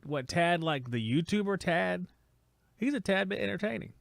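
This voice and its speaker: A man's voice: high-pitched, expressive, moderate pace, vocal fry, dry recording. A man hosting a casual live stream from a home studio, reading chat comments aloud and teasing the commenters in a rambling, joking way.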